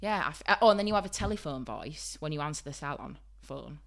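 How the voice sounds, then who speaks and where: Yorkshire lass chatting on a podcast, low voice but bright, laughs loads and gets loud. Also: female voice, quick pace, creaky. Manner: animated, laughs often, bursts loud. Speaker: podcast co-host. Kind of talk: casual chat.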